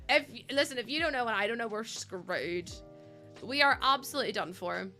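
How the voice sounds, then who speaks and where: A woman's voice: a little high, animated, moderate pace, bright, forceful tone, soft background music. A young woman, chatting casually to viewers while live-streaming a building game, laughing often. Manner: chatty, laughs often, acts out quoted voices.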